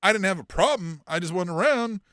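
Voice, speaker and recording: A man co-hosting a casual wrestling podcast, talking in a profane, animated way and laughing often as he goes. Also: sits high, fairly quick, clean tone, no room sound, clean studio sound. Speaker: podcast co-host.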